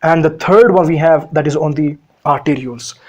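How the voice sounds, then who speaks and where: Higher-voiced man giving a medical lecture. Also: normal speed, a little mellow. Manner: explanatory, asks and answers his own questions, frequent uhs. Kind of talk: recorded lecture.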